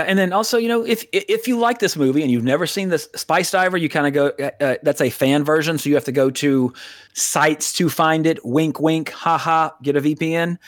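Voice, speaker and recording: A man's voice: on the high side, no room sound, clean studio sound. A man co-hosting a casual film review podcast. He rambles, often breaks off mid-sentence and swears freely. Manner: rambling, profane, self-interrupting. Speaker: podcast co-host reviewing films.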